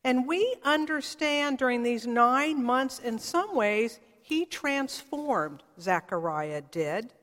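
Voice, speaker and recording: A woman preacher telling a story in a lively, chatty way, with a fairly high voice. Her words linger in a long hall reverb. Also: slow, few pauses. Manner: lively, acts out characters, talks to the congregation. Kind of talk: storytelling sermon.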